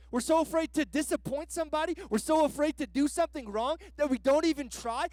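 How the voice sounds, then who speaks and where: A man's voice: very high-pitched, no room sound. A man preaching a sermon as a guest pastor, in a casual, slangy way that is full of "like" fillers.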